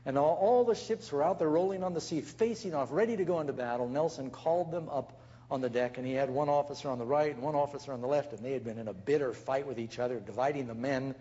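A man's voice: mid-range voice, fast talker, dark tone, muffled recording. A man preaching as a pastor, telling stories and acting out the people he quotes. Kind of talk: sermon.

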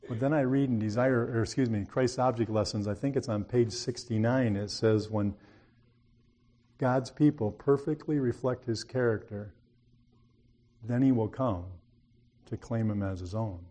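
A man's voice: mid-range voice, moderate pace, dark tone. A man preaching a sermon, telling a story in a folksy, earnest way and rising to emphatic appeals.

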